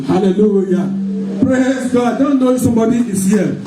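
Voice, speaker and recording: A man's voice: high-pitched, normal speed, mellow. A man with a Nigerian accent preaching a sermon in rhythmic call-and-response style. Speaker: pastor. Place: church hall. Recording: echoey hall, mic far off, faint noise.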